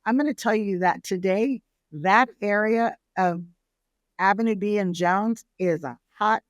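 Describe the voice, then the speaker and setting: A middle-aged woman from San Antonio, Texas, a restaurateur telling her family's history in a relaxed interview, lively and acting out the people she quotes. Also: mid-range voice, a little slow, no room sound. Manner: lively storyteller who acts out family quotes. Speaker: restaurateur guest. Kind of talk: casual storytelling interview.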